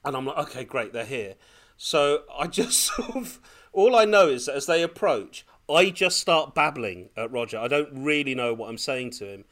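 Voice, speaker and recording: Man telling a story, excited. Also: medium pitch, moderate pace. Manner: animated, laughing, breathless when excited. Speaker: podcast co-host. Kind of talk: casual storytelling chat.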